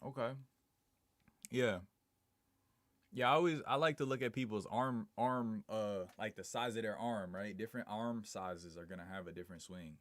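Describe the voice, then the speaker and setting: A man's voice: fairly low pitch, moderate pace, a bit bright, dry recording. A man live streaming in a casual, slangy way, reading viewer comments aloud and chatting back. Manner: slangy, laid-back, reads chat aloud and answers it.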